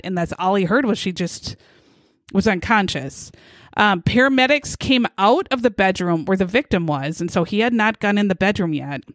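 A woman's voice: medium pitch, no echo, studio quality. A woman co-hosting a podcast, chatting casually as she retells a true crime case and acts out the quotes. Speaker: podcast co-host.

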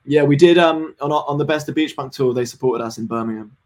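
A young man in his twenties, a band member guest in a casual podcast interview, rambling, excitable and swearing freely. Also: on the high side, fairly quick. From United Kingdom. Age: 20s.

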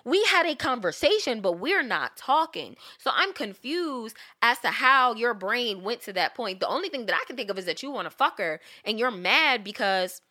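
A young woman chats with a podcast co-host, telling a story in a bright, high-leaning voice. She is animated and swears freely, and her pitch swings widely as she acts out what people said. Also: normal speed, few pauses. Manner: animated, profane, acts out quotes with big pitch jumps. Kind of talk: casual storytelling chat.

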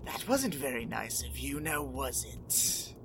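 Sly elf lord, soft and slow, menacing, bright tone , voiced by the game master. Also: mid-range voice, very animated, creaky, soft background music, heavily acted. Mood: mocking threat. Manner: quiet, slow, mocking. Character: sly menacing elven lord, calm and mischievous.

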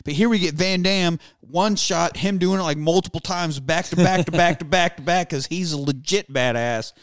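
A man's voice: a little high, moderate pace, no echo, studio quality. Profane, joking man on a podcast. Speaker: podcast co-host. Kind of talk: casual movie podcast chat.

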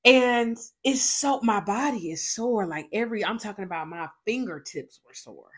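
A young adult woman hosts a faith show, her husky, expressive voice sitting at medium pitch and moving at a moderate pace. She tells a personal testimony emphatically, in storytelling fashion, with plenty of repeated fillers and restarts.

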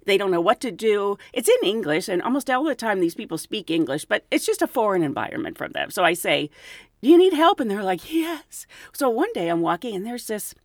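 A woman's voice: medium pitch, fairly quick, hardly any pauses, no room sound, studio quality. A middle-aged woman, a flight attendant, telling stories in a casual chat and acting out the people she quotes. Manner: animated, acts out quoted voices.

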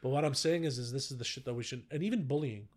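A man's voice: mid-range voice, fast. A man, a guest on a casual podcast, talking bluntly and emphatically and swearing freely.

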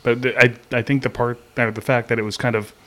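A man co-hosting a podcast, easygoing and quick to laugh. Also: medium pitch, little pitch movement, pushed and bright. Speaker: podcast co-host. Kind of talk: casual chat.

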